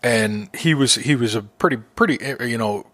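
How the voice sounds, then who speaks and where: A man co-hosting a podcast, chatting casually about movies with plenty of swearing and lively retelling. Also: medium pitch, moderate pace, dry recording. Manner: profane, animated storytelling. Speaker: podcast co-host. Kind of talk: casual chat.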